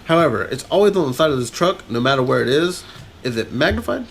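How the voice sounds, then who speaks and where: A man's voice: mid-range voice, very animated, quick pace, creaky, a little hiss or hum. A man co-hosting a podcast, rambling through a film recap in casual chat and laughing often. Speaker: podcast co-host.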